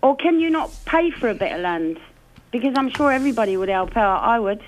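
A woman's voice: on the high side, animated, a little fast, rough recording. A woman calling in to a radio show, a mum speaking in an earnest, indignant way. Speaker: caller. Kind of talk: phone-in call.

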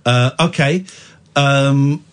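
A man's voice: mid-range voice, extremely slow, smooth. A man with an English accent hosting late-night radio, joking and teasing his callers in a studio. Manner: playful, teasing, jokey. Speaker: radio host.

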